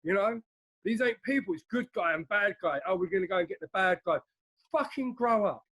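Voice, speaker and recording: A man hosts a casual chat, firing quick, blunt questions at his friends. He swears freely. His voice sits high for a man. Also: expressive, fairly bright tone. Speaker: podcast host.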